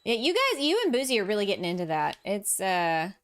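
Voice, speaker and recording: Chatting with viewers during a farming-game build, a woman streamer reads and responds to comments aloud, laughing frequently and joking at her own expense. She speaks a little fast at medium pitch in a sing-song way, with soft game music playing.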